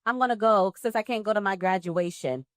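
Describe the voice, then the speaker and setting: A woman from New Jersey, a guest actress telling her story in a live interview, with lively acted-out dialogue. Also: mid-range voice, a little fast, no echo, studio quality. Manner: animated, acts out dialogue with laughs and exclamations. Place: live pop-up event at a film festival.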